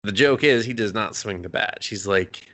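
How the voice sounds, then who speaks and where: A man's voice: on the low side, normal speed, pushed and bright. A man co-hosting a casual podcast, rambling through an anime recap, swearing a lot and acting out the characters' lines. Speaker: podcast co-host.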